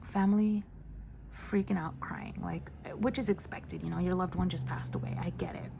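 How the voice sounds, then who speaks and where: A woman who works as a nurse, telling a story in a casual storytime. She speaks softly, often close to a whisper, with many fillers. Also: fairly low pitch, fairly even intonation, normal speed, vocal fry, slight background noise. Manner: soft, hushed delivery with many fillers.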